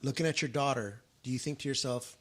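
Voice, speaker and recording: A man's voice: medium pitch, quick pace. A middle-aged man hosting a podcast, telling family stories in casual chat and acting out the voices of the people in them. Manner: animated, acts out quoted voices in his stories.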